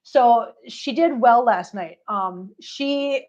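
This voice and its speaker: Speaking slowly in a fairly high, slightly mellow voice, the host of a cat channel sits on the floor at home for a casual livestream. She talks to viewers, coos baby talk to her cat and laughs frequently. The audio is dull.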